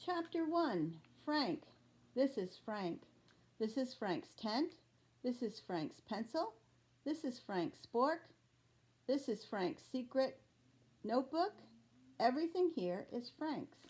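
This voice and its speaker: A woman teacher reads a children's chapter book aloud in a slow, deliberate storybook manner. Her voice sits a little high, and she takes her time with each page. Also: big pitch swings, darkish tone.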